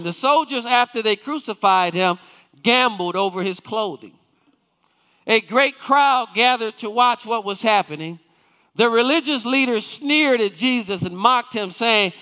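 A man's voice: high-pitched, pushed and bright, big-room sound. A male pastor preaching a sermon, reading scripture and asking the congregation questions. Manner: reads scripture aloud with emphatic, slowed quotes. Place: church sanctuary.

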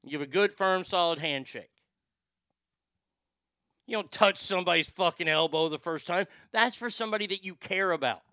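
Profane, ranting high-voiced male host. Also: moderate pace, long pauses, sharp tone, no echo. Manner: profane, heated, sarcastic. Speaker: show host. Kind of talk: ranting commentary.

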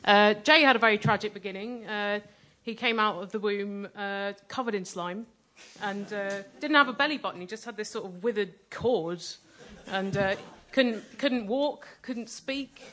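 A woman doing deadpan comic storytelling on stage at a live show. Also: medium pitch, normal speed. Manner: deadpan, dry comic delivery. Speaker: comedy performer. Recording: live performance with loud guitar. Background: guitar music.

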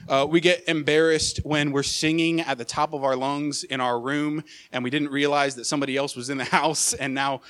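A young man preaching, telling a personal story in an animated way, with many filler uhs and repeated words. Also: fairly high pitch, moderate pace, few pauses. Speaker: associate pastor. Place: church sanctuary.

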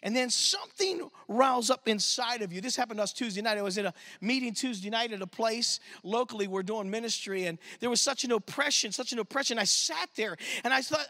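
Man, youth pastor, very high voice, sharp tone, animated church storyteller. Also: a little fast, few pauses. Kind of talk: sermon storytelling. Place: church service.

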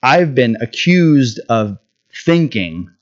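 A man's voice: medium pitch, very animated, slow, highs cut off. A man preaching a sermon in a conversational way, often checking in with "right?" and restarting his words.

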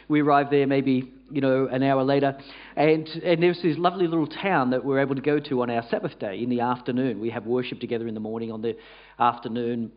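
A man preaching as pastor, moving briskly from asides into scripture. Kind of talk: sermon. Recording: dull low-fidelity sound.

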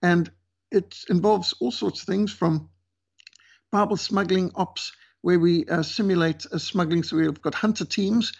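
A man's voice: sits high, steady tone, unhurried, vocal fry, slightly rough. A male missionary leader as an interview guest, talking earnestly and emphatically with some fillers.

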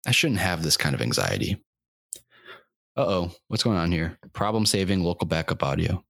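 Deep-voiced guy in his 20s doing a chaotic solo podcast, voice all over the place, throat kinda sore, dry close mic. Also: lively intonation, moderate pace, vocal fry, no echo. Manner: erratic, self-mocking, swings into shouting and silly sing-song bits. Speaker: podcast host. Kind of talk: rambling solo comedy podcast.

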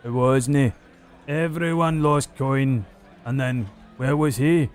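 A man's voice: mid-range voice, little pitch movement, moderate pace, darkish tone, clean tone, voice pushed up, close to an everyday voice. Man putting on a drunk grumbling dwarf. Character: drunk bitter male dwarf drinker, grumbling.

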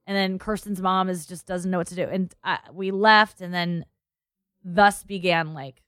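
Young woman chatting, tells her story and quotes everyone, lowish voice. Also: steady tone, moderate pace, a bit bright, clean tone, no echo, clean studio sound. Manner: storytelling, quoting people in her tale. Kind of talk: casual chat.

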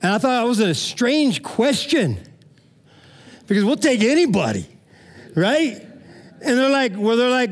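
Animated storytelling pastor, man. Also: very high voice, moderate pace, pauses often. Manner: animated storytelling, frequent "man" and "amen?" asides. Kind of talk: conversational sermon.

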